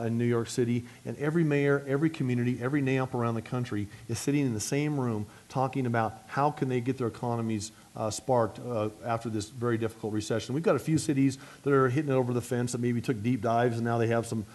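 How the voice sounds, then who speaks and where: A middle-aged man, a city mayor, giving an energetic luncheon speech and answering questions, talking fast with frequent restarts. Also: medium pitch.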